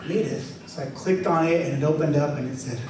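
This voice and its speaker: A man with a fairly high voice, an author giving a reading, tells stories to a live audience in an event hall, talking fast in an animated, chatty way and leading the crowd in call-and-response. The recording is very echoey with a booming hall sound, the mic is far away, and there's a faint hiss.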